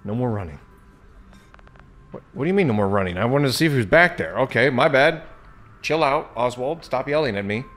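A man's voice: medium pitch, lively intonation, fairly quick, long pauses, fairly bright tone, faint music behind. A man commentating his own solo play of a horror game, chatty and jokey, shrieking when startled. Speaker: gaming channel host.

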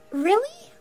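A woman voicing a cheerful, excitable younger sister in a fan role-play, reacting with excited gasps.

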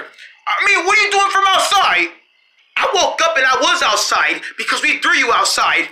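A storyteller voicing several characters in playful role-play, often laughing and shouting in quick back-and-forth. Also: high voice, sing-song, poor audio.

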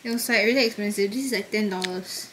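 A young woman, chatting excitably to the camera in a hotel room, now and then squealing. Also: medium pitch, quick pace. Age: young adult. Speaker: travel vlogger. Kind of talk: casual vlog chat to camera. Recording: roomy room with background noise.

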